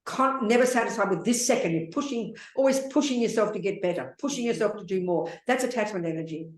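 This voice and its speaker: A woman's voice: medium pitch, fast. Woman nun teaching dharma, blunt, keeps repeating herself, says darling a lot, roomy hall sound. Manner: blunt, repetitive, calls listeners darling and sweetheart. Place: meditation center hall.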